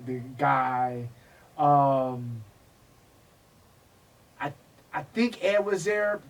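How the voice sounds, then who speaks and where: Male guest, animated raconteur, curses freely, slightly high voice, recorded off-mic. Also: distant mic, rough recording. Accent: Texan. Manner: animated, profane, acts out quoted people. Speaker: guest, MMA historian. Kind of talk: casual storytelling interview.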